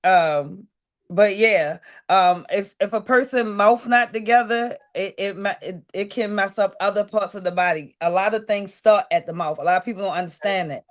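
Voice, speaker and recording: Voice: medium pitch, normal speed. A podcast co-host speaking bluntly and laughing easily in a casual chat.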